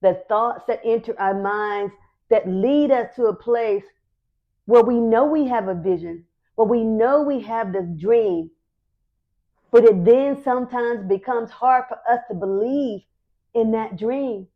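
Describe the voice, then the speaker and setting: A middle-aged woman hosts a podcast, speaking in a fairly high, unhurried voice. Emotional and near tears, she gives an earnest, encouraging faith talk, repeating her key phrases for emphasis. The sound is lo-fi.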